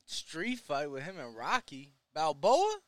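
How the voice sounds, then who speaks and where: A man with a high, lively voice chats casually on a podcast. He sounds laid-back and inquisitive, and the sound is dry. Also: takes it slowly, dry recording.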